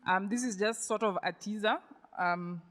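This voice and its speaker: A woman's voice: medium pitch, normal speed, a bit bright, in a large hall. A woman, a lawyer and accountant, opening a talk to a forum audience in a friendly, informal way. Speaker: guest speaker, lawyer and accountant. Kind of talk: presentation to an audience.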